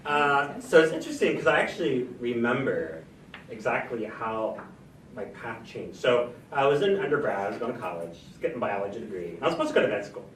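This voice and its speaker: Lively guy telling a story on a college panel, sounds roomy and kinda far off. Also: mid-range voice, fairly quick, a little hiss or hum. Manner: animated, acts out quoted dialogue. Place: college hall.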